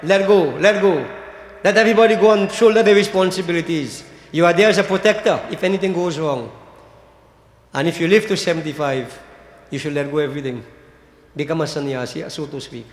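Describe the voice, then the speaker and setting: A man's voice: a little high, a little fast. An older man giving a religious discourse, addressing his listeners as devotees and tossing in rhetorical "hmm?" asides. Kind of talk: sermon. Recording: echoey hall with long reverb.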